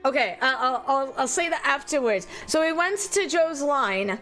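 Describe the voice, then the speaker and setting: A woman's voice: sits high, animated, normal speed, a bit bright, faint music behind. A young adult woman streaming and chatting casually, rambling and giggling often while teary and emotional. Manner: giggly, rambling, self-deprecating.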